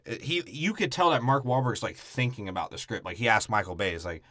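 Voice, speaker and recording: A man's voice: lowish voice, expressive, fairly quick, fairly bright tone, no echo. A man co-hosting a comedy movie podcast, riffing crudely and slipping into character voices. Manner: riffs with put-on character voices. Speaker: podcast co-host.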